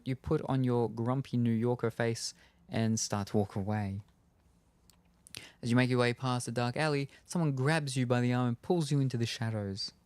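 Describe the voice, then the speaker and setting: A man streaming a game, reading its story text aloud in steady narration with casual asides. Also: medium pitch, no echo.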